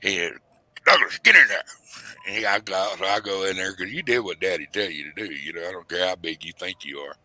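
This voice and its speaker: Guy, middle-aged, real bright punchy voice, rambles thru his stories and does his folks' voices. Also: sits low, steady tone, fast, few pauses. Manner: rambling Southern-drawled storytelling, quoting his parents in raised voices. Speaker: host telling a story. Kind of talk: casual storytelling chat.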